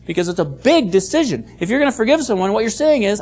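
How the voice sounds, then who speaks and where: A preacher delivering a sermon with a voice that rises and falls a great deal. The tone is emphatic and teaching, driving points home through repetition and careful explanation of scripture. The pitch sits in a middle range. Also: big pitch swings, fast, hardly any pauses, darkish tone. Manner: emphatic, repeats key phrases; explains Bible words and reads scripture aloud. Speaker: pastor.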